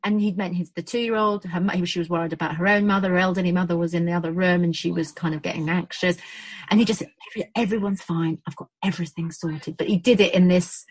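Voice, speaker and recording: Fast and on the low side, this British woman from the birth-support field tells stories in a casual, lively way, voicing the quotes herself. There's no echo, but the recording is low quality.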